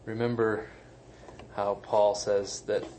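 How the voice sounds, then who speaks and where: A man's voice: fairly low pitch, flat delivery, slow, dark tone, a little hiss or hum, rough recording. Conversational man preaching a sermon. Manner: conversational, emphatic, self-deprecating asides. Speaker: pastor. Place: church sanctuary.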